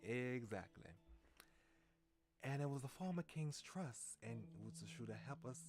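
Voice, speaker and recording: A man's voice: mid-range voice, animated, unhurried, a little mellow, faint music behind. A man streaming a story game, reading its lines aloud and often restarting and correcting himself.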